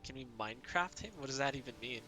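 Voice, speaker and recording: A man commenting on a story game for a live stream, chatty and quick to exclaim. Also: medium pitch, expressive, sharp tone, soft background music. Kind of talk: let's play commentary.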